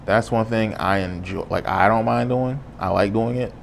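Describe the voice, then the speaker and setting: A man's voice: fairly low pitch, normal speed, creaky, slight background noise. A man hosting a podcast, talking on his own in an earnest, casual and reflective way. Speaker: podcast host. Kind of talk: solo podcast monologue.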